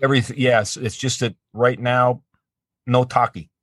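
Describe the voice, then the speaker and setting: A man's voice: mid-range voice, steady tone, normal speed, a bit bright, dry recording, clean studio sound. A man who works as a voice actor, chatting as an interview guest, talking in a friendly, rambling way with frequent restarts and easy laughter. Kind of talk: casual interview chat.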